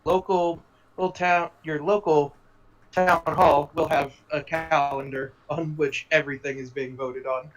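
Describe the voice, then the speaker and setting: Laid-back male co-host, slightly high voice, casual chat. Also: steady tone, unhurried, background noise. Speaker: podcast co-host.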